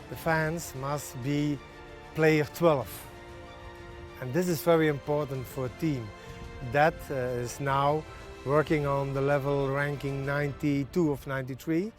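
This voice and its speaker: This male head coach of a national team has a voice on the high side. English isn't his native language, and his TV interview answers come out halting, broken by frequent pauses and fillers.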